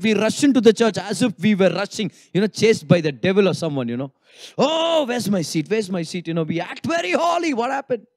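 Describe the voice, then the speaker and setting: A male pastor preaching a sermon in an animated way, playfully acting out what people think during worship. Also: sits high. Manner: animated, acts out congregants' inner thoughts with humor.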